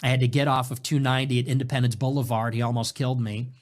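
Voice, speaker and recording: A man hosting his own show in a casual monologue, animated and sarcastic, jumping between loud bursts and low mutters. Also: fast talker. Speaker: show host.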